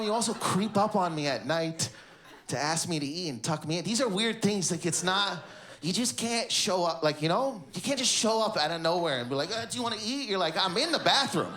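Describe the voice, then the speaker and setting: A man from Canada doing a stand-up set on stage, animated and loud, jumping into impressions of his family. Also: sits high, a little fast. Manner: animated, shouts punchlines, slips into impressions of family. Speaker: stand-up comedian. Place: comedy stage before a live audience. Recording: live show with loud crowd laughter.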